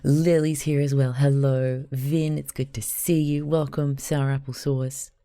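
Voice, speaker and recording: A man's voice: mid-range voice, flat delivery, unhurried, mellow, smooth, no echo. An Australian man who streams live, talking casually and chattily to his chat while he crafts, rambling a little, laughing often and swearing freely.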